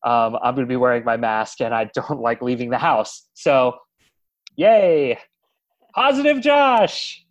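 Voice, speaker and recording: A man hosting a casual sports podcast, talking in a teasing, animated way. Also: mid-range voice, moderate pace, few pauses. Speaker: podcast host.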